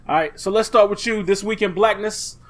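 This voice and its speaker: A man's voice: high-pitched, brisk, fairly bright tone. A man hosting a podcast, chatting casually and telling joking stories. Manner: joking, storytelling. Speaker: podcast host. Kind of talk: casual chat.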